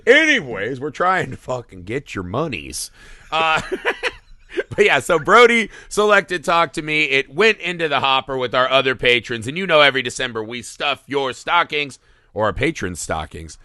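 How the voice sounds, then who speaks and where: A man's voice: medium pitch, very animated, moderate pace, sharp tone, no echo, clean studio sound. A man hosting a casual film podcast, talking with enthusiasm and swearing freely. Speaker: podcast host.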